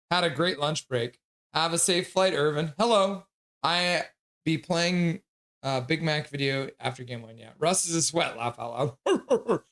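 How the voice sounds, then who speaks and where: Male streamer, a touch high in pitch, reads chat aloud, casual, laughs a lot, bursts into excited yells. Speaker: livestream host.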